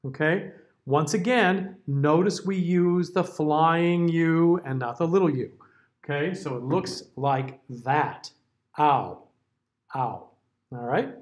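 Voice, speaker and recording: Man with a slow, explanatory teaching voice. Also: fairly high pitch. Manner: patient, explanatory, demonstrates sounds aloud. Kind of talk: diction lesson for singers.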